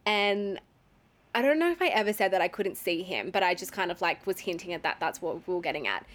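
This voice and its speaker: A woman's voice: fairly low pitch, animated, a little fast, fairly bright tone. Young Australian woman, casual storyteller; loose and chatty, peppered with fillers and curses. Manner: chatty, lots of fillers and swearing, laughs often.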